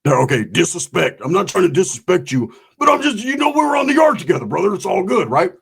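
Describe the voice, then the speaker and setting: A brash ex-con talks fast and pushes his point bluntly, as a man plays him. His pitch sits a little high, and he barrels ahead without pausing. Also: wildly swooping pitch, vocal fry, slightly rough, heavily acted. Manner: blunt and pushy, calls everyone brother.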